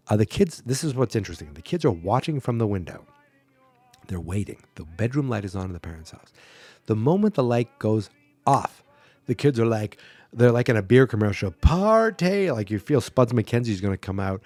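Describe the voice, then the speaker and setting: A man's voice: on the low side, a little mellow, no room sound. A man hosting a podcast, casually recapping a movie plot with sarcastic asides. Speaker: podcast host.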